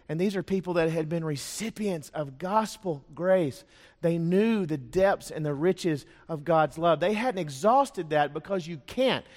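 A man with a somewhat high voice preaches a sermon in a church sanctuary. He tells stories, piles up rhetorical questions and lets his voice fall to a hush for emphasis. A long reverb from the hall follows each phrase. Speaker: pastor.

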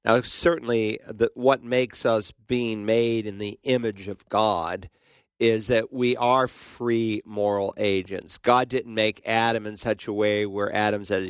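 A man with a fairly low, smooth, resonant voice explains scripture to a radio caller in a measured, teacherly way. The sound is close and dry, with no room around it. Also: steady tone, no room sound. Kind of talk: call-in radio Bible teaching.

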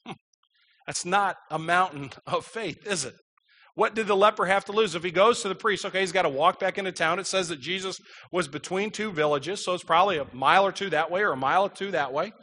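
A man's voice: high voice, fairly quick, bright, forceful tone. A man preaching a sermon, reading scripture aloud and explaining it, his voice rising with emphasis.

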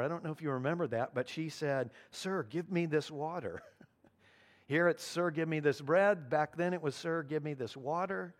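A man preaching a sermon as pastor, earnest, slowing down to stress key lines. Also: medium pitch. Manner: earnest preaching, slows down for emphasis.

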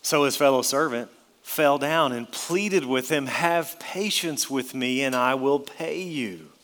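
A man's voice: medium pitch, slow pace, fairly bright tone, in a large hall. A man preaching an expository sermon, emphatic, with his voice rising and dropping for effect.

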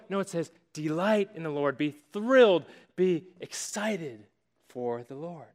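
A man delivering a sermon with an animated storytelling manner, lingering on key words and pausing for effect. His voice sits a little higher than most men's. A long reverb from a large hall trails after every phrase. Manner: animated storytelling with dramatic pauses. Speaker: pastor.

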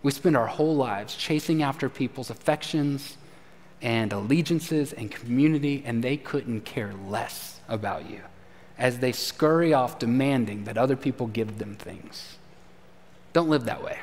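A man preaching a sermon as pastor, telling a story in a conversational way and dropping low and quiet for emphasis. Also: a little slow, long reverb tail. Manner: conversational storytelling, animated shifts, drops low and quiet at key points. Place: church sanctuary.

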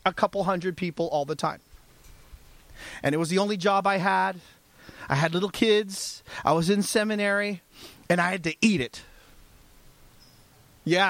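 A man preaching a sermon in a lively, conversational way, moving between scripture and personal story. His voice sits high for a man and rises and falls with emphasis. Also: no room sound. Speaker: pastor.

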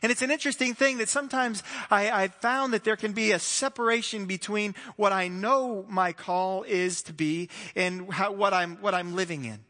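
High, bright-voiced preaching man. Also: normal speed, hardly any pauses, in a large hall. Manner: earnest, questioning preacher. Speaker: pastor. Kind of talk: sermon. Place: church hall.

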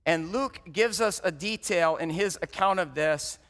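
A man preaching a sermon, telling the story dramatically and swinging from loud to hushed. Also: high voice, measured pace. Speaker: pastor. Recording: long hall reverb.

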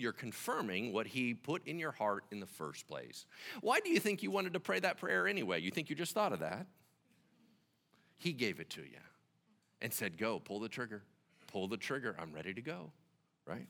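A man preaching a sermon, telling the story in an animated way and acting out the dialogue. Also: medium pitch, moderate pace, gravelly, big-room sound. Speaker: pastor.

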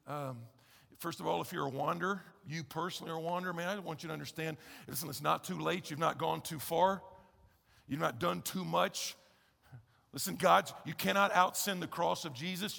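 A man preaching in a big hall, his voice high and gravelly. He talks to the crowd with an emphatic, conversational push, and a long reverb trails his words. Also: sharp tone. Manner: emphatic, conversational preaching with repeated calls to listen. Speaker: pastor. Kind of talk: sermon.

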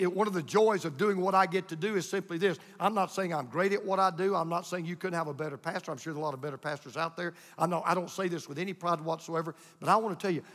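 An older male pastor tells stories with a folksy, emphatic touch. His voice is high and bright. A long hall reverb trails each phrase. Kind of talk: sermon.

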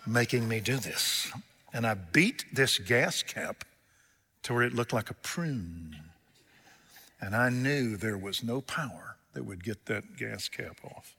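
A man's voice: mid-range voice, bright, forceful tone, breathy edge. A man preaching a sermon, telling homespun stories with jokes in a folksy way. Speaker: pastor. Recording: long hall reverb.

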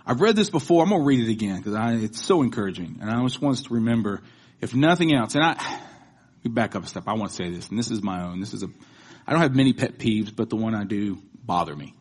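A man's voice: lowish voice, animated, quick pace, breathy edge. A man preaching a sermon, moving from conversational talk to rhythmic proclamation. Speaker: pastor.

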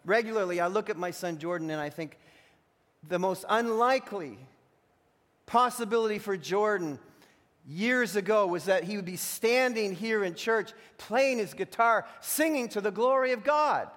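A man's voice: sits high, normal speed, fairly bright tone. A middle-aged man preaching a sermon as pastor, telling a personal story with many restarts and building to emphatic points. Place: church sanctuary. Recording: long hall reverb.

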